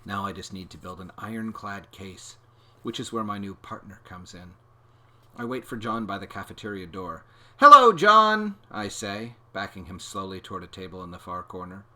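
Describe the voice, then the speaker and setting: Low, bright-voiced man reading a children's book. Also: normal speed. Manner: expressive, animated storytelling. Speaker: read-aloud host. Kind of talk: children's book read-aloud.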